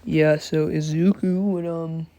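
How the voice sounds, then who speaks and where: A woman's voice: sits low, steady tone, slow, dark tone. A sleepy woman telling a fan story in a casual, slangy, drawling way with many fillers.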